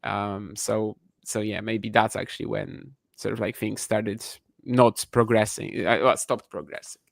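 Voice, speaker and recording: A man's voice: on the low side, fairly even intonation, a little slow, creaky, no room sound. A man co-hosting a podcast, chatting casually and thinking aloud with frequent restarts. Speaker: podcast co-host. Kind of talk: casual chat.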